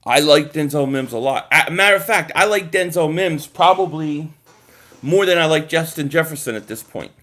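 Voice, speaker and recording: A man hosting a casual sports livestream, talking straight to viewers, animated and swearing freely. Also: on the high side, normal speed. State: groggy from a nap. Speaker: livestream host reading chat.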